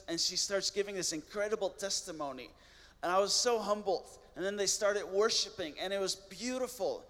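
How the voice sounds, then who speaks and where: A man, a missionary guest, telling a personal testimony in an earnest way, with halting restarts. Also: high-pitched, fairly bright tone, in a large hall.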